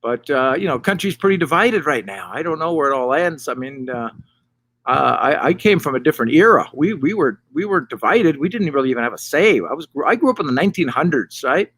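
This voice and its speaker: A middle-aged man doing a loose, rambling stand-up monologue to camera from a hot tub, with deadpan punchlines. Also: on the high side, fairly quick, breathy edge. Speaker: stand-up comedian, host. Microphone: camera mic.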